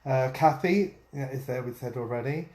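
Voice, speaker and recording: A man's voice: mid-range voice, moderate pace, a little mellow. A man co-hosting a casual vlog, telling stories and jokes with many ums and uhs. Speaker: vlog co-host. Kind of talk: casual storytelling chat. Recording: echoey room.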